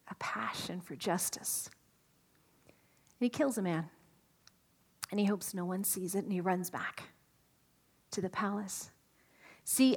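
A woman preaching a sermon, animated and asking her listeners questions, sometimes dropping to a whisper for emphasis. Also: mid-range voice. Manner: animated, asks the audience questions.

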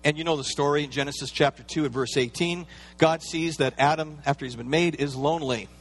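Man, pastor, sermon, conversational preaching, slightly higher voice, playful asides. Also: brisk.

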